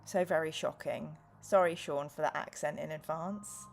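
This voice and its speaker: A woman's voice: sits low, fairly even intonation, normal speed, creaky, slight background noise. A woman hosting a live gaming stream, chatting casually, reading viewer comments aloud and making jokey asides.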